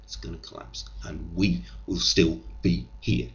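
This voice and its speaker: Low gravelly Englishman, pompous rant. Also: measured pace, highs cut off. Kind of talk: comic monologue.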